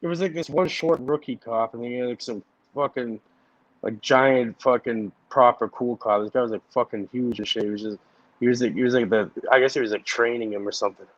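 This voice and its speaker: A man's voice: medium pitch, brisk, no room sound, lo-fi sound. A man in a casual chat, telling stories loosely with constant swearing and filler words. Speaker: chat partner.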